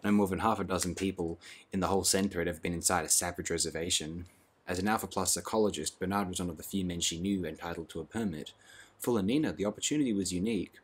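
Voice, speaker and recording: Audiobook reader: man, deep and husky, measured and dry. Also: steady tone. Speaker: audiobook narrator. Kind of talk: audiobook narration.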